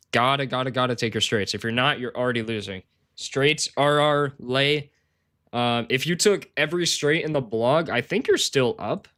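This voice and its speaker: A man's voice: mid-range voice, sharp tone. A man live-streaming sports betting research, chatting casually with his viewers in a rambling, slangy, self-deprecating way. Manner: rambling, slangy, talks to chat, says "bro" a lot; self-deprecating, laughs often.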